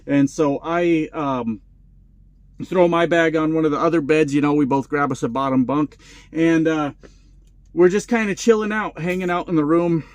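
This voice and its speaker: A man of about forty, a truck driver vlogger, telling a story in casual, profane, animated style. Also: on the high side, normal speed, dry recording.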